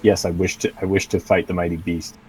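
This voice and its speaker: A man's voice: low voice, level tone, brisk, a little mellow, a little hiss or hum, rough recording. A man playing a tabletop game, speaking partly in character in a playful, joking way. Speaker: player. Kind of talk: casual tabletop role-play.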